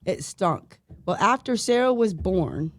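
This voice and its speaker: Woman telling a lively story. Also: medium pitch, measured pace, no room sound. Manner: lively storyteller who mimics sounds and voices. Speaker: guest, surviving spouse of an officer. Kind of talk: podcast anecdote storytelling.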